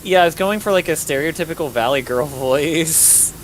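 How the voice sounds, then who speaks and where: A man's voice: on the high side, moderate pace. A young man guesting on a game stream, joking and teasing his co-host in casual chat. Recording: noisy hissing mic.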